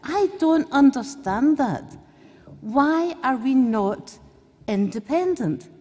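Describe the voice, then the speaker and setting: A woman's voice: high voice, animated, slow pace, mellow. Blunt, joking Glasgow woman in a big hall. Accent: Scottish, Glasgow. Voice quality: blunt, chatty, joking, with mild swearing. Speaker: conference speaker. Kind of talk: off-the-cuff political speech. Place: conference hall. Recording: reverberant conference hall.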